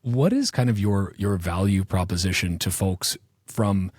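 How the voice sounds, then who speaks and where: A man hosts a podcast in a very low, deep voice. He talks in a loose, chatty way, wandering into asides and stacking long questions. The recording is dry and close. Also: unhurried, a little mellow, dry recording. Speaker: podcast host. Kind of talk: casual interview talk.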